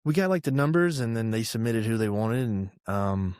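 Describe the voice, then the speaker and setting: A man's voice: medium pitch, normal speed, clear, resonant tone, no room sound, studio quality. A man in his thirties from Georgia, a veteran guest telling army stories in casual, profane talk and acting out the voices of others. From Georgia, USA. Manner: profane, animated storyteller who acts out quotes loudly. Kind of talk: casual storytelling interview.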